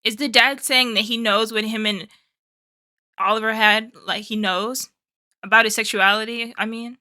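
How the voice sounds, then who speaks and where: A woman's voice: fairly high pitch, fairly even intonation, normal speed, pushed and bright, dry recording, studio quality. A young woman hosting a movie reaction, emotional and exclaiming, often repeating herself. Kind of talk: casual movie reaction commentary.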